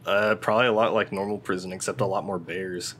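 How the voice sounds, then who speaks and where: Low-voiced, laid-back podcast guy. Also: steady tone, fast, fairly bright tone, slight background noise. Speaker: podcast co-host. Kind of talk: casual podcast chat.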